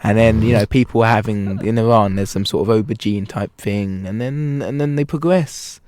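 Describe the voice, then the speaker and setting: A man's voice: fairly low pitch, normal speed, a little mellow, no echo, studio quality. A young man co-hosting a student comedy radio show, joking and rambling in casual banter.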